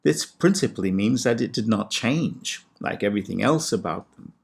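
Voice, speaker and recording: A man, a classics scholar, giving a measured and precise lecture on ancient poetry with a lightly wry touch. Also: fairly low pitch, lively intonation, vocal fry, husky. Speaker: classics scholar and podcast host. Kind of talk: scripted lecture with recited Greek verse.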